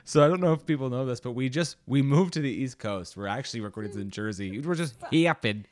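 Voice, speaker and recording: A man co-hosting a podcast in casual chat, with a dry, teasing, low-key way of talking. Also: quick pace. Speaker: podcast co-host.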